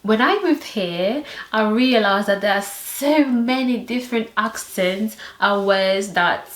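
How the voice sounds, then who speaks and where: A woman's voice: mid-range voice, slow pace, reverberant, low-quality recording. A young woman from Portugal with a Portuguese accent, chatting animatedly in a casual vlog, with many fillers. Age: young adult. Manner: animated and expressive, lots of fillers. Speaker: vlogger.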